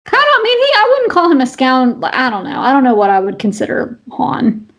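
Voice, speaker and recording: A woman co-hosting a podcast talks in a high, light voice. She rambles casually and keeps restarting her sentences. Her talk is stuffed with fillers. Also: animated, fairly quick, vocal fry, fairly bright tone. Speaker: podcast co-host. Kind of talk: casual chat.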